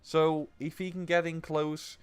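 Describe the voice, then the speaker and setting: A male co-caster talking through a war strategy game replay. His voice sits a bit high for a man and comes out smooth and resonant. He keeps the chat upbeat and easygoing. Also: little pitch movement, a little slow. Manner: chatty, upbeat co-commentator.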